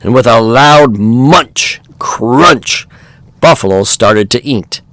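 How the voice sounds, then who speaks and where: Podcast host, man, slow storybook narration, very animated, dry close mic. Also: medium pitch, no echo. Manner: slow and expressive.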